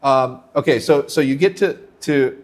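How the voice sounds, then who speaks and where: A man's voice: mid-range voice, normal speed, a little hiss or hum. A man hosting a podcast, asking eager follow-up questions and sounding incredulous. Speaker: podcast host. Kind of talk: casual interview chat.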